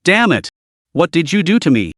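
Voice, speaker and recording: Man reading as defiant snarling ninja captive, slightly high, dry read. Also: very animated, moderate pace, a bit bright, no echo. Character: captured male ninja, defiant and insulting.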